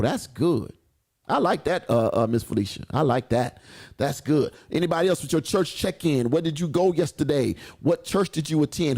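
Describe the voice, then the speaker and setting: Gravelly-voiced preacher hosting a radio show. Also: male voice, fairly high pitch, a little mellow. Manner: chatty, reads verses aloud with exclamations. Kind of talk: casual radio chat and scripture reading.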